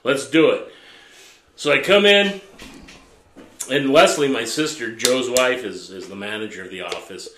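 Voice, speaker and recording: A man's voice: mid-range voice, a little slow, pauses often, echoey room, background noise. A man hosting a podcast, telling a crude story with lots of swearing, laughing as he goes among friends. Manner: profane, animated, laughing storyteller. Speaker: podcast host.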